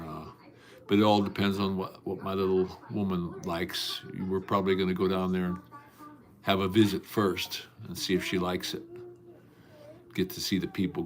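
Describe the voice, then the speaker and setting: A man hosting a casual livestream from home, chatting with viewers in a folksy, rambling way, with many fillers and restarts. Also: deep voice. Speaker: livestream host. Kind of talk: casual livestream chat, greeting and answering viewers.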